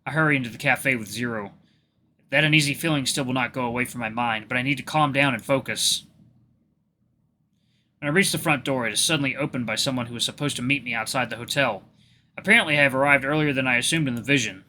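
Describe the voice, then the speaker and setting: A man's voice: medium pitch, fast talker, pushed and bright, a little hiss or hum. Upbeat man hosting a game reading. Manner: upbeat, enthusiastic. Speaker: gaming YouTuber. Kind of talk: let's play reading.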